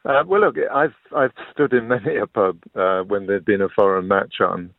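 Deep-voiced English man on a tinny phone line. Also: normal speed, no echo. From England. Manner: chatty, anecdotal. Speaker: radio caller. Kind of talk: casual phone-in chat. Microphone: telephone.

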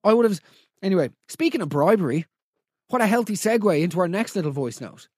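A man with a high voice hosts a comedy roast, ranting in disbelief and swearing freely. His voice is close and dry. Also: lively intonation, quick pace, darkish tone, husky, no room sound. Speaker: podcast host.

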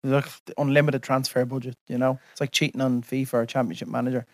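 A man hosting a casual podcast, enthusiastic and quick to swear and laugh. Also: mid-range voice, level tone, dry recording, studio quality. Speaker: podcast host and impressionist.

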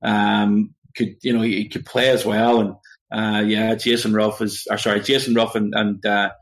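A man's voice: lowish voice, level tone, moderate pace. A man, co-hosting a casual sports podcast and telling anecdotes with frequent fillers. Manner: storytelling, chatty, with filler words. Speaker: podcast co-host. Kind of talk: casual chat.

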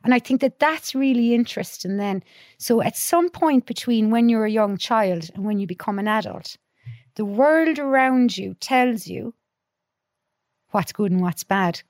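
A woman's voice: fairly high pitch, measured pace, a little mellow, dry recording, clean studio sound. A middle-aged woman, a podcast guest, chatting earnestly and telling stories with many restarts. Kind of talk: casual conversation.

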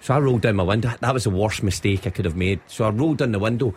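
A husky Scottish man in middle age, telling a story on a radio chat show. His pitch jumps up and down as he acts the story out, and he laughs through his lines. The tone is casual and full of banter. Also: lively intonation, fast talker, darkish tone. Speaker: radio presenter.

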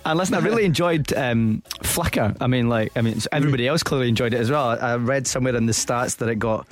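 A man's voice: medium pitch, fast talker. A young Scottish man hosting a radio show in casual studio chat, teasing and laughing often. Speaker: radio host. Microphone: studio microphone.

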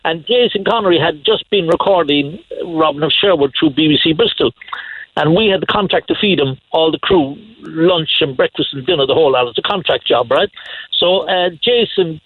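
A man's voice: on the high side, normal speed, slightly rough, dry recording, narrow, tinny audio. A man calling in to a radio show, rambling through anecdotes with lots of restarts and chuckles. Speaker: caller. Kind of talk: casual anecdotes on a radio phone-in.

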